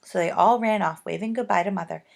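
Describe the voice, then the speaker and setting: A woman reading a children's book aloud with gentle, expressive storytelling. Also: mid-range voice, fast talker, gravelly. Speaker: reader.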